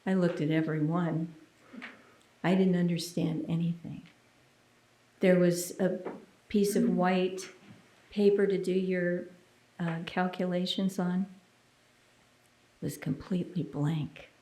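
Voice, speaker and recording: A woman minister giving a sermon as a personal testimony. She tells it in an earnest, intimate way and sometimes drops to a hushed near-whisper. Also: fairly low pitch, fairly even intonation, takes it slowly, long pauses. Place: church sanctuary. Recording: roomy, echoey sound.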